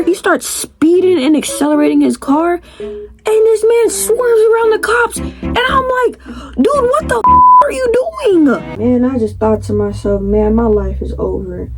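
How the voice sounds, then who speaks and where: A young adult woman telling a storytime vlog story, animated, exclaiming and swearing freely. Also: on the high side. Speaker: vlogger. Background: background music.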